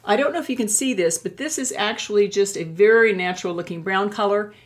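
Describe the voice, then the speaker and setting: A woman's voice: mid-range voice, fairly quick. An older woman chatting to camera as a beauty vlogger, gushing as she reviews products she loves. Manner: warm and gushing, with many admiring exclamations.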